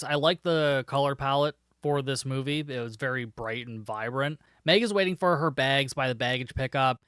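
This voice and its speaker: A man talks through a film's plot for his podcast in a loose, chatty way, dropping sarcastic and profane asides. His voice is smooth and clear, and it sounds dry and close to the mic. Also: mid-range voice, fairly bright tone, no room sound. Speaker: podcast host reviewing a film. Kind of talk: casual spoken film recap.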